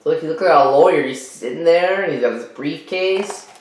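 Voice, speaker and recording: A man, a teacher, reading a children's book aloud and talking warmly to young listeners. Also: a little high, normal speed, slight background noise. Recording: roomy echo.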